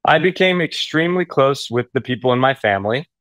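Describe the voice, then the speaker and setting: A man's voice: medium pitch, animated, brisk, a bit bright. A man chatting casually as an interview guest. His storytelling rambles and is full of fillers, in a mid-range voice. The sound is dry, with no room echo. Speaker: actor guest.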